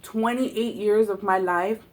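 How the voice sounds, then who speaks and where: A woman's voice: mid-range voice, steady tone, slow pace. A woman in her twenties telling a heated personal story while eating, blunt and profane. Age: 20s. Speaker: vlogger.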